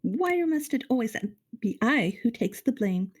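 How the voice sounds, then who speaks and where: A woman's voice: on the high side, big pitch swings, measured pace, husky, pitched above the performer's own voice, heavily acted. A woman doing a French mother mouse. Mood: defensive. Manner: put-on French accent, dramatic and exasperated.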